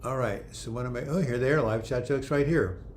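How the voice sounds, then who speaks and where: A man's voice: mid-range voice, brisk, a little mellow, a little hiss or hum. Older man chatting on a livestream. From United States. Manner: chatty, reads viewer comments aloud and comments on them. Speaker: livestream host answering viewer questions. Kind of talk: casual live chat.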